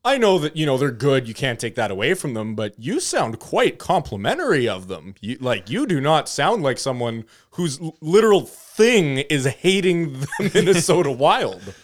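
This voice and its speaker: A man with a somewhat high voice co-hosts a casual sports podcast. He teases his partners and picks things apart with animated, chatty criticism. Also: normal speed, few pauses. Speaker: podcast co-host.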